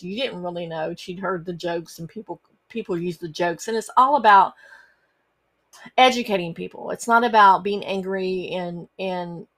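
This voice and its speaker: A middle-aged woman, hosting a personal storytelling podcast and talking earnestly, with frequent fillers and restarts. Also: on the low side. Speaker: podcast host.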